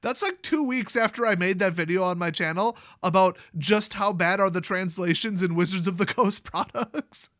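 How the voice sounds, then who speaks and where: A man rants through a casual commentary video in a high, bright voice. His delivery is sarcastic and mocking. The close mic sounds dry, with no room around him. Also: normal speed, few pauses, no room sound. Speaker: commentary channel host.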